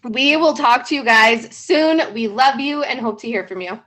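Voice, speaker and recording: Woman, podcast co-host, slightly high voice, animated, casual, swearing, laughing. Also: normal speed. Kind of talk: casual chat.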